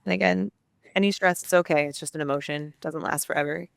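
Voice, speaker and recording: Woman, coach, calm and encouraging, dry close sound. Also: deep voice, quick pace, vocal fry, no echo. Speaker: subconscious transformation coach. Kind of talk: guiding a tapping exercise.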